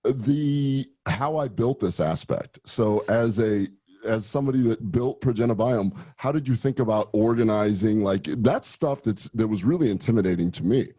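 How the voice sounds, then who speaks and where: A man hosts a podcast interview on a video call, friendly and chatty as he asks rambling questions. His voice is low and mellow, with a husky edge. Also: moderate pace. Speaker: podcast host, gastroenterologist. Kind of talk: casual interview chat.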